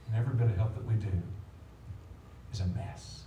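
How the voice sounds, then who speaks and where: A man preaching a sermon as pastor, animated, with big swings in loudness. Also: lowish voice, a little fast, pauses often, distant mic. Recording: echoey room, voice from off the mic.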